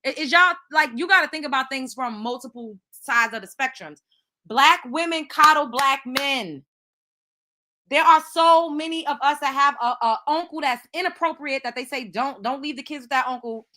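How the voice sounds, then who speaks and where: A woman's voice: high voice, normal speed. A young woman hosting a casual livestream commentary, talking animatedly to her chat and swearing freely. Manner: animated, swearing, addresses chat viewers by name. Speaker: host.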